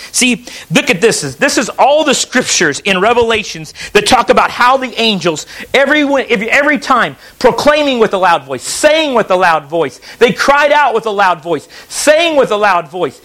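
A man's voice: very high voice, bright, forceful tone, rough recording. A man preaching a sermon in church, reading scripture aloud and pressing his points with emphatic restarts. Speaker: pastor.

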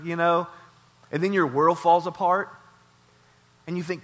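A man pastor delivering a sermon in a warehouse church, repeating phrases and swinging between loud and soft. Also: high voice, fairly even intonation, normal speed, long pauses.

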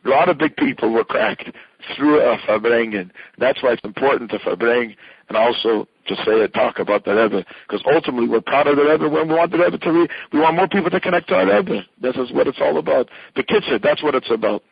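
An older man speaks with fervent conviction, his voice husky and a little breathy. He hammers points home through repetition and drops Yiddish and Hebrew phrases into his talk. The recording is dry and somewhat muffled. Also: medium pitch, expressive, fast talker, dry recording. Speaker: Chabad rabbi. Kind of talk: impassioned interview answer.

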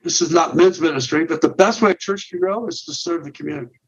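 A man's voice: on the high side, fast talker, husky. A middle-aged man, a men's ministry leader, explaining his method step by step in a podcast interview with frequent restarts and repeated words. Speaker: guest, men's ministry director. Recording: dull, muffled sound.

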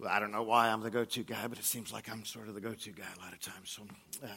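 A middle-aged man telling a first-person story as a mechanic and church elder, halting and hesitant with many pauses. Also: fairly low pitch, steady tone, creaky, bright, forceful tone, slightly rough. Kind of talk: first-person dramatic monologue.

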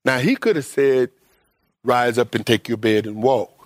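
A man preaching a sermon to his congregation, emphatic and conversational, with everyday vernacular, often jumping up high in pitch to stress a point. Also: normal speed, no room sound, clean studio sound.

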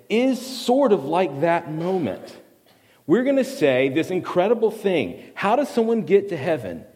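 Animated fill-in preacher in a reverberant hall. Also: male voice, fairly high pitch. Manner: animated storyteller, self-deprecating jokes. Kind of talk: sermon with personal story.

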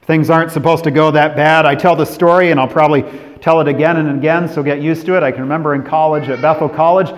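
A man's voice: fairly high pitch, steady tone, fast. Preaching man in a reverberant hall. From California. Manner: dramatic preaching, swinging from emphatic to hushed. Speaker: pastor. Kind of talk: sermon.

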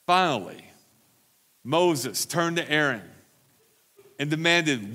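Male pastor, sermon, bright ringing tone, slightly high voice, emphatic repetition. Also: expressive, slow, pauses often. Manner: emphatic preaching, repeats phrases for stress. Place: church recovery meeting.

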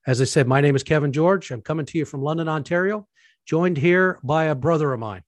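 A man's voice: a little high, fairly quick, no echo. A man hosting a casual podcast chat with his brother, jovial and self-mocking, laughing often. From Newfoundland. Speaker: podcast host; preacher.

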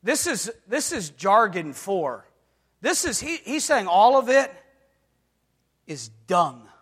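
Speaking slowly and with great animation, this adult pastor has a high, fairly bright voice with a breathy edge. The sermon echoes through a reverberant hall as he emphatically checks whether the congregation is following and bursts into dramatic impressions of the voices he quotes.

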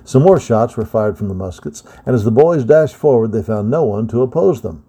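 A man reading an adventure story aloud with steady, dramatic storytelling. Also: mid-range voice, fairly quick, breathy edge. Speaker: storybook reader. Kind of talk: scripted narration of an adventure story.

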